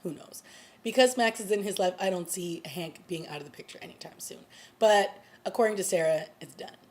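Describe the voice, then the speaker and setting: A woman's voice: fairly low pitch, a little fast, a little mellow. A woman vlogger giving a casual, chatty recap of a TV episode, full of fillers as she retells the plot. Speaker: TV review vlogger.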